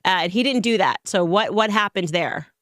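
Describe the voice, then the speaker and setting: A woman's voice: mid-range voice, moderate pace, fairly bright tone, no echo, studio quality. A woman interviewing two guests in a sarcastic, mocking way, laughing often. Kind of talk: casual interview.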